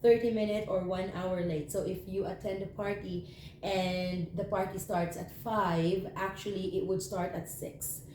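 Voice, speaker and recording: Filipino-accented woman teaching, mellow and roomy. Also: medium pitch, fairly even intonation. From Philippines. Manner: slows down to spell out example phrases. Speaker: language teacher. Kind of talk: language lesson. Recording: roomy echo, faint room noise.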